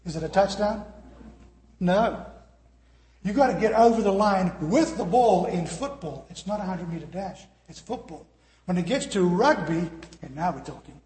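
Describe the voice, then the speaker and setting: Animated preacher in an echoey hall. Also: male voice, high-pitched, moderate pace. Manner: animated preaching with questions to the congregation. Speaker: pastor. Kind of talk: sermon.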